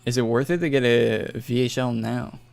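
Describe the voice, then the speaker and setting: A young man from northern Alberta, Canada, rambles and swears casually while chatting on a gaming live stream, with faint music in the background. His voice sits at medium pitch with a steady tone, normal speed, vocal fry, and a darkish quality.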